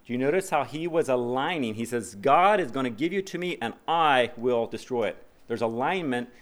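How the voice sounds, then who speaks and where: A man's voice: mid-range voice, animated, normal speed. A man preaching a sermon as pastor, reading scripture aloud with rising emphasis and asking the congregation questions in conversational asides.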